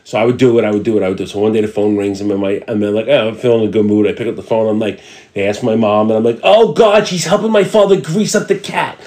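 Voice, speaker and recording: Middle-aged guy on a podcast, talks real quick, cusses a lot, does little voices in his stories. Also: fairly low pitch. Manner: profane, animated, acts out voices in his stories. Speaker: podcast co-host. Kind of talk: casual chat, storytelling.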